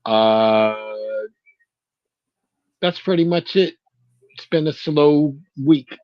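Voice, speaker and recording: A man co-hosting a casual sports podcast, easygoing and low-key. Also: animated, drawn-out words, dry recording, dull audio. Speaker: podcast co-host.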